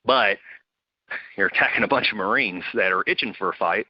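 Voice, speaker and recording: Speaking briskly in a lowish, slightly rough voice, a man who served in the Marines tells a casual story and animatedly performs his buddies' quoted lines. The close recording sounds dull and dry, with no room sound.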